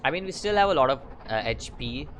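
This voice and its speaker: A man playing a story game, mixing casual commentary with halting read-aloud of the game's text, often stumbling and restarting. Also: mid-range voice, lively intonation, a bit bright, slight background noise, rough recording. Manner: halting reading with frequent fillers and restarts. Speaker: gaming channel host.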